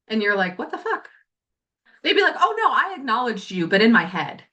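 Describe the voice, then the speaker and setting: Bright, blunt, profane woman coach. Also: mid-range voice. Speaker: podcast host and coach. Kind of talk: casual motivational talk.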